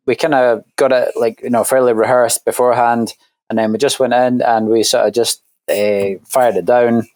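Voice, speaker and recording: A man's voice: mid-range voice, darkish tone, no echo. A Scottish man, a guest musician, talking in a casual interview, hesitant and full of fillers and restarts. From Scotland.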